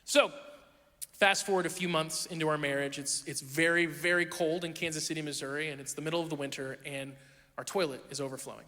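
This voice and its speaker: Delivering a sermon with storytelling, a young pastor speaks a little fast in a bright, high-pitched voice. He pokes fun at himself in animated personal anecdotes, and the church auditorium gives his voice a long echo.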